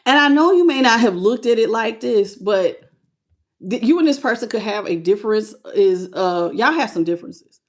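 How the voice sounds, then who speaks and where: A woman's voice: on the high side, animated, normal speed. A woman with a slight country twang, reading tarot on a live stream and greeting her viewers with pet names. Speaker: tarot reader.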